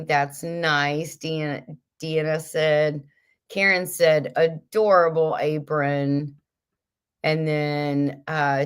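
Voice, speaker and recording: A middle-aged woman with a notably low voice chats through viewer comments on a casual livestream. She is playful and kooky and laughs easily. She sounds a little stuffy, as if nursing a mild headache. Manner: chatty, kooky, laughs often. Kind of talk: casual chat.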